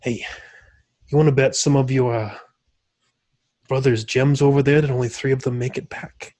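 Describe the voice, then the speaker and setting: A man voicing an older male deep gnome who likes to gamble, talking in an offhand way. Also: steady tone, normal speed, warm tone, no echo, close to an everyday voice. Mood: scheming.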